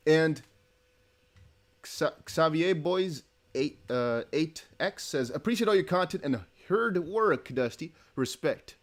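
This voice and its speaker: His voice runs a little high and animated, though he speaks slowly. He's a young man from the Netherlands hosting a laid-back crypto livestream, reading donations aloud while chatting, laughing, and rambling with frequent restarts.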